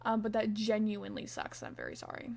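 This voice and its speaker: Streaming live as she crochets, a young woman chats playfully with viewers, reads their messages aloud, and counts stitches under her breath. Her medium-pitched voice is gravelly and she talks fast. Background noise can be heard.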